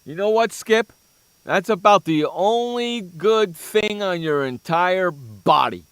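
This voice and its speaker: Loud mocking sports radio man. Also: high-pitched, lively intonation, slow pace, clear, resonant tone, no echo. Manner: mocking, insulting, loud bursts. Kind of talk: comedic sports talk rant.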